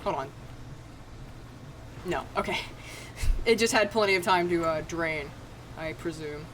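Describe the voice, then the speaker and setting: She's an American game streamer with a fairly low, slightly bright voice and a measured pace, talking casually to viewers. Expect self-deprecating jokes, free swearing, and plenty of laughs, with a little hiss or hum on the recording.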